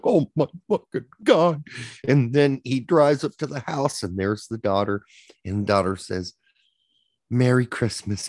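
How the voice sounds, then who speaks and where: A man's voice: fairly low pitch, no echo, studio quality. A man co-hosting a soccer podcast, telling stories and ranting with plenty of swearing in casual chat. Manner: profane, ranting storyteller.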